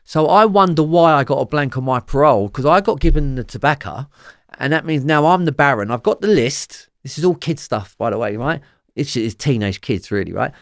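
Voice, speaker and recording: A Cockney man talks as an interview guest, rambling and swearing as he tells his story. He fills his sentences with "you know" and "like," and his voice swings from loud bursts to quiet asides. The sound is close and dry, with no room around it. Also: mid-range voice, expressive, a little fast, dry recording. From London, England. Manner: rambling and profane, full of fillers.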